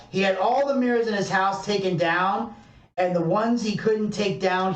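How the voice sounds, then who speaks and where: A man co-hosting a podcast, telling a story casually with lots of fillers and swearing. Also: sits high. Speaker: podcast co-host. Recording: echoey room, distant mic.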